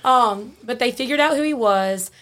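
A woman, a podcast guest telling a story in a frank, animated way and laughing easily. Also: a little high, normal speed. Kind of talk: casual storytelling.

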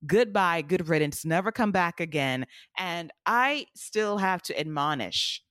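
A woman's voice: lowish voice, expressive, unhurried, fairly bright tone, no room sound, clean studio sound. A woman co-hosting a podcast, talking bluntly and emphatically in casual chat, with some profanity. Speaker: podcast co-host.

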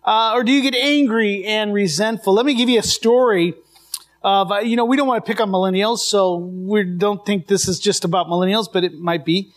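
Male pastor, high-pitched, chatty sermon delivery with restarts, live church mic. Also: steady tone, fairly quick. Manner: conversational storytelling with restarts.

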